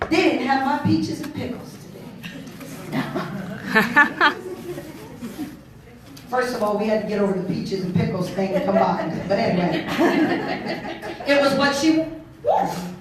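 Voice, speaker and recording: A woman pastor preaching a sermon in a lively, playful way, acting out voices and laughing along. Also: mid-range voice. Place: church hall. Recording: echoey hall, mic far off.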